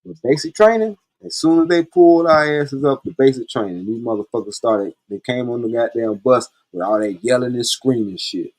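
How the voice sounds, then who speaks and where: A man's voice: mid-range voice, animated, moderate pace, few pauses, a little mellow. A man hosting a podcast, telling stories in a blunt, profane, laid-back way. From Columbia, South Carolina. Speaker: podcast host. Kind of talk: casual storytelling monologue.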